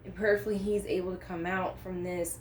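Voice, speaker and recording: Woman, unscripted faith vlog, impassioned and earnest, lower pitch, light hiss on the recording. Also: flat delivery, brisk. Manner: earnest, impassioned, rising to emphatic peaks. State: choked up. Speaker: Christian vlogger. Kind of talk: unscripted faith talk to camera.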